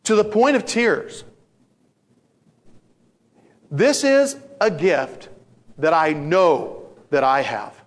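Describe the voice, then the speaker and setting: A male pastor delivering a sermon with a somewhat high voice. He tells stories in an animated way, slips into acted-out voices and repeats key lines to drive them home. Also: extremely slow, long pauses. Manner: animated storytelling, acts out voices, repeats phrases for emphasis.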